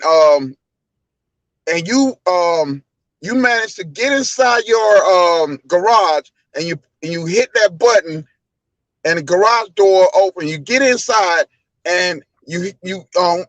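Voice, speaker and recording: A man's voice: high-pitched, a bit bright, no room sound, poor audio. A man co-hosting a casual talk show, telling a long rambling story full of restarts. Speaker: podcast co-host. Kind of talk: casual conversation.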